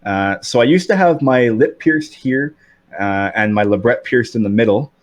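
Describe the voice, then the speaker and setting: A man's voice: mid-range voice, moderate pace, dry recording. A man in his thirties with a slight lisp, chatting candidly as a podcast guest, with many fillers and restarts. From Canada. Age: 30s. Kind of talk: casual chat.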